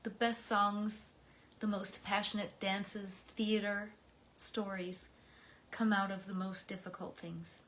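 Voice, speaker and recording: An American woman reading poems aloud and talking between them in a soft, slow way, her voice often dropping to a whisper. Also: medium pitch, level tone, slight background noise. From United States. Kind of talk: reflective poetry reading.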